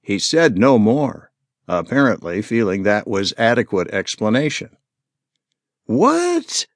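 A man narrating an audiobook with measured, expressive storytelling. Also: lowish voice, dry recording, clean studio sound. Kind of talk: scripted narration.

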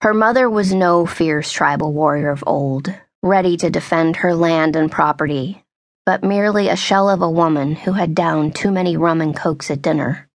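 A woman narrating a young adult novel in a steady, measured storytelling voice. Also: sits low, dry recording, clean studio sound. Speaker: audiobook narrator. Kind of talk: scripted narration.

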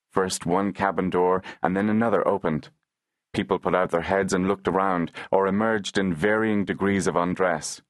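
Deep-voiced male audiobook narrator. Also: no room sound.

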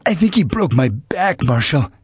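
A male narrator voicing a hoarse, winded would-be robber in an audiobook. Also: fairly high pitch, very animated, moderate pace, no echo, studio quality, pitched above the performer's own voice, full character voice. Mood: panicked. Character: frantic would-be robber, adult man.

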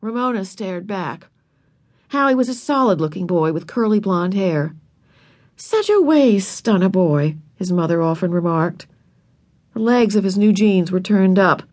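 A woman narrating a children's audiobook in a measured, expressive storytelling voice, recorded close to the mic. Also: on the low side.

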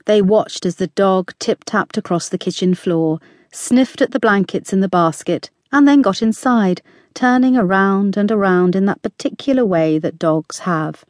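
A woman narrating a novel as an audiobook in an expressive storytelling manner. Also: mid-range voice, moderate pace, dry recording, studio quality.

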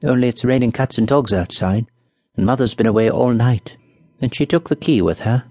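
A man's voice: mid-range voice, moderate pace, a little mellow, no room sound, lightly acted. A man voicing a ragged, hungry little street girl who talks in a bold, matter-of-fact way with common speech, in a storybook reading. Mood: wistful.

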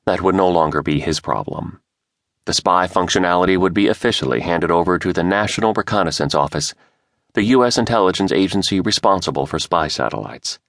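A man narrating a thriller audiobook with expressive, dramatic storytelling. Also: deep voice, no room sound, studio quality.

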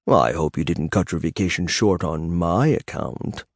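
A man's voice: low-pitched, normal speed, no echo, studio quality, pitched below the performer's own voice. A man doing Bob, a smug teasing dragon. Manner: teasing, sweetly mocking. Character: playful, smug male dragon seer in human form.

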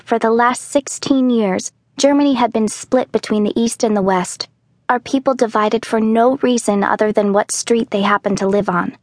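A woman narrating a children's audiobook in the first person, telling the story calmly and clearly. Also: fairly high pitch, no echo. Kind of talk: scripted narration.

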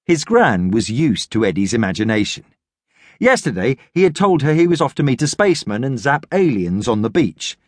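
A man narrating a children's audiobook in a lively storytelling manner. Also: medium pitch, normal speed, dry recording. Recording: dry studio audiobook.

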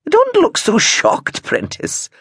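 A man puts on a fierce old grandmother from an audiobook, her voice raised high and husky, drawn out slow and deliberate. She speaks bluntly and probes with each question, and the read is dry and close with wild swings of pitch. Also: huge pitch swings, fairly bright tone, no room sound, full character voice. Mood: wistful. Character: fierce, sharp-tongued old grandmother in a wheelchair. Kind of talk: audiobook character voice.

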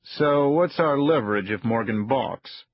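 A frail old spy chief, cold and calculating, speaks softly and deliberately, as a male narrator puts him on. The husky voice comes through a dry, slightly dull audiobook recording. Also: mid-range voice, no echo, close to an everyday voice. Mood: calm, cold. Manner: soft-spoken, measured.

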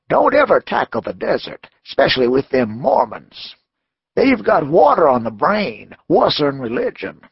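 A man doing a gravelly, blunt old plains veteran. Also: sits high, no echo, highs cut off, pitched above the performer's own voice, heavily acted. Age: older. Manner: folksy frontier dialect, blunt.

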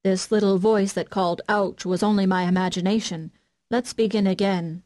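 A woman's voice: mid-range voice, fairly even intonation, moderate pace, a little mellow, lightly acted. A woman voicing an old male carpenter who mutters to himself and grows frightened, in a storybook reading. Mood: nervous. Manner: muttering to himself, trembling and stammering.

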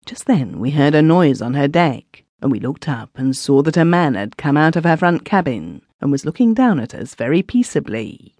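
A woman's voice: deep voice, sing-song, moderate pace, hardly any pauses, darkish tone, dry recording. A woman narrating a classic story in the first person as a villager, recorded on a close studio mic. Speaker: audiobook narrator.

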